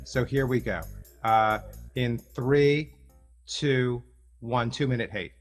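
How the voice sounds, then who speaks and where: Middle-aged male host, halting video-call rambler, mid-pitched voice, soft guitar underneath. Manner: rambling, halting, full of restarts. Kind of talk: casual video-call chat.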